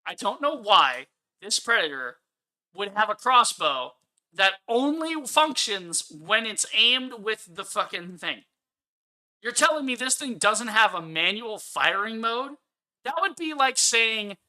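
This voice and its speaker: A man's voice: high-pitched, sing-song, a little slow, bright, forceful tone. A man ranting angrily on a live stream as he reviews a film, swearing often and repeating his points for emphasis. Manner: angry, profane ranting.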